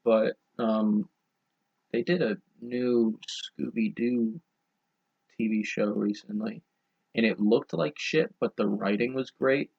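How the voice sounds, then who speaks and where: A man's voice: lowish voice, fairly even intonation, takes it slowly, creaky, darkish tone, slightly rough. A young man co-hosting a podcast, chatting casually and making crude, rambling jokes. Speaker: podcast co-host. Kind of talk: casual chat. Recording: dull lo-fi podcast audio.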